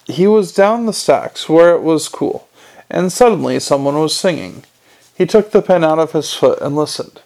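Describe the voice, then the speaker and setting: Male audiobook narrator, wry, gravelly, slightly high voice. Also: animated, moderate pace, a little mellow. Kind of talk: storybook narration.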